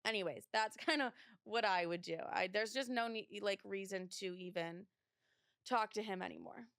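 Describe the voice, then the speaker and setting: A young woman hosts a casual advice podcast in a smooth, clear voice. She talks bluntly and swears freely, with many filler words. The sound is close and dry. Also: mid-range voice, normal speed, a bit bright, no echo. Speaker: podcast host.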